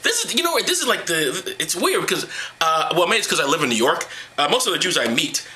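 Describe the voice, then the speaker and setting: A man's voice: a little high, sing-song, fast talker, pushed and bright. A man reading Bible passages aloud and mocking them with profane, sarcastic rants. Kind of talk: sarcastic comedic Bible commentary.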